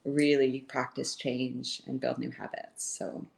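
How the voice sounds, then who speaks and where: A woman's voice: very deep voice, flat delivery, slow pace, creaky, a little mellow, roomy sound, slight background noise. A woman co-hosting a live video chat, talking in a reflective, encouraging way and using many fillers. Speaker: co-host.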